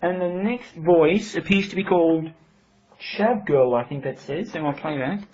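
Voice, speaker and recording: Reviewer walking through software. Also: mid-range voice. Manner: explanatory, halting restarts. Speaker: product reviewer. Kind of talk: casual demonstration. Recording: dull home recording, faint hiss.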